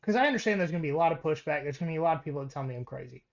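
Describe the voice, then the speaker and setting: A man on a casual sports podcast runs through coaching records, stopping and restarting as he goes. His voice sits a little high for a man. The recording is dull and lo-fi. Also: lively intonation, racing, creaky. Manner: reads stats with many ums and restarts. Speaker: podcast co-host.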